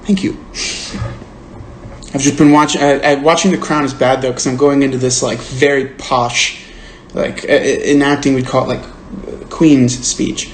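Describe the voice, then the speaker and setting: Hosting a book club over a phone livestream, a man speaks at a moderate pace in a level, mid-range voice, pausing often. He rambles earnestly and casually, leaning heavily on "like"; the audio is roomy with a faint hiss.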